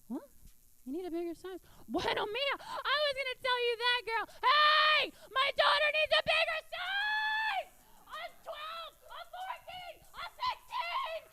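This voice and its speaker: A woman doing her loud, brash middle-aged Cuban mother on a theater stage, with no control over her volume. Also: very high-pitched, big pitch swings, measured pace, dry recording, pitched above the performer's own voice, heavily acted. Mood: bellowing.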